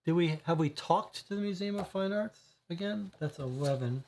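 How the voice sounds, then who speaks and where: Board game streamer, mid-pitched, musing aloud and reading game cards, casual livestream delivery. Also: fast talker, few pauses, mellow. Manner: thinking aloud, many fillers, reads case text aloud.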